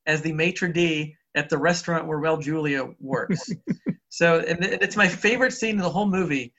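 A man with a high, bright voice who chats eagerly about movies and jumps into quotes as he recounts scenes. The audio is dull and lo-fi. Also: normal speed. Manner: enthusiastic, acts out quotes. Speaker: podcast co-host. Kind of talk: casual film discussion.

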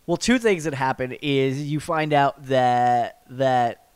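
A man's voice: mid-range voice, slow, clear, resonant tone, no echo. A man appearing as a guest on a podcast, talking loosely and laughing often. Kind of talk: casual chat.

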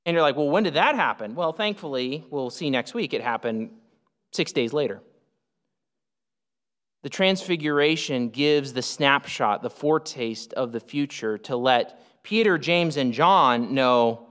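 A man preaching an expository sermon, emphatic, swinging up and down in pitch to stress his points. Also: lively intonation, normal speed, a bit bright. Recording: reverberant hall.

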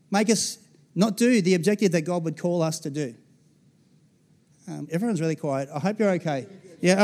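An Australian man in his forties preaches in a fairly high voice. His tone is loose and conversational, and he keeps turning to the congregation with little asides. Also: darkish tone. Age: 40s. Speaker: pastor. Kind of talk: sermon.

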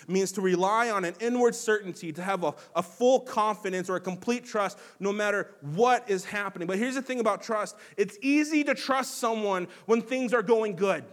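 A male pastor preaching a sermon, earnest, moving between hushed reflection and raised, emphatic passages. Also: high voice, normal speed, hardly any pauses.

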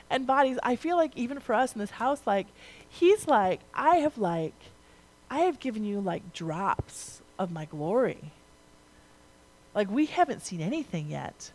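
A woman's voice: mid-range voice, poor audio. Conversational woman preaching a sermon. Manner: conversational, rising to emphatic, frequent "like" and "right?".

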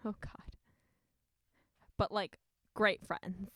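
A woman's voice: mid-range voice, flat delivery, drawn-out words, pushed and bright, no room sound, clean studio sound. A woman chatting about a book with a friend, laughing and reacting with short remarks. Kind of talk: casual book discussion.

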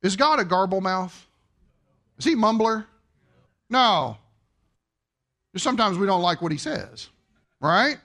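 A man's voice: sits high, very animated, unhurried, pauses often, sharp tone. A man preaching a sermon. He keeps asking the congregation rhetorical questions and acts out quoted voices. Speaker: pastor.

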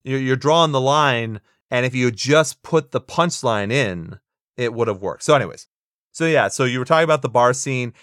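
A man's voice: mid-range voice, lively intonation, normal speed, a bit bright, no echo, clean studio sound. A man co-hosting a casual podcast, rambling through a film recap with frequent restarts and small chuckles. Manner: rambling, repeats words, chuckles while recapping. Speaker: podcast co-host reviewing a film. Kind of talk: casual chat.

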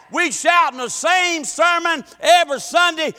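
A middle-aged man preaching a sermon, telling folksy stories and swinging from hollering to quiet asides. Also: fairly high pitch, moderate pace.

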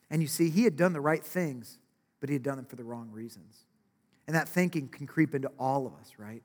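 A man's voice: mid-range voice, fairly quick. A man preaching a sermon in a conversational way, often asking "right?" and acting out quotes. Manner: conversational, with frequent "right?" asides and acted-out quotes. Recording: long reverb of a large hall.

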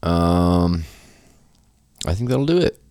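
Podcast host, young man, very low smooth voice, dry close sound, casual and profane. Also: slow pace, dry recording. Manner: loose, profane, swings into animated quoted voices. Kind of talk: casual storytelling chat.

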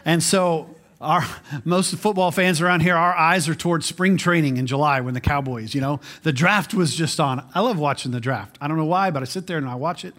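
A man's voice: fairly high pitch, a little fast, a bit bright. A man in his forties preaching a sermon in a conversational way as pastor, often repeating words as he restarts.

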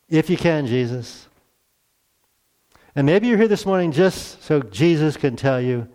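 Earnest middle-aged preacher, conversational. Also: male voice, a little high, expressive, moderate pace. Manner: conversational, rhetorical questions to the congregation; swings between hushed asides and emphatic raised lines. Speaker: pastor. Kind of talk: sermon.

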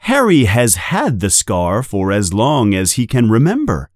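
A man slowly reading a children's story aloud as narrator. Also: on the low side, dry recording, studio quality. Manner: slow, lively storytelling. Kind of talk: slow storybook read-aloud.

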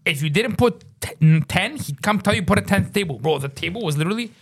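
A young man with a high voice, telling stories in a casual podcast chat. He is animated and drops "bro" into almost every sentence. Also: fast, breathy edge. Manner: animated, says "bro" constantly. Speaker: podcast co-host.

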